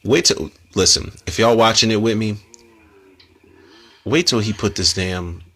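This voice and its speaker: A man's voice: on the low side, unhurried, sharp tone. A young man hosting a loose, casual movie commentary, cursing freely and rambling through slang-filled asides.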